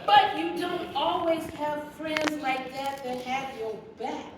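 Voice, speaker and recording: A woman's voice: sits high, fairly even intonation, slow pace. A woman leading a Bible study, telling her own story in testimony style and acting out the voices of the people in it. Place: church hall. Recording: echoey room from a distance, with background noise.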